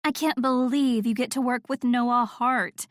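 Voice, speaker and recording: A woman narrator brings out a bubbly, gushing young woman who squeals and insists on every bit of gossip. Her pitch jumps up high and lively. The audiobook sound is dry and close. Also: normal speed, no room sound, natural voice. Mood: excited. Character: excitable gushing young woman friend, fangirl.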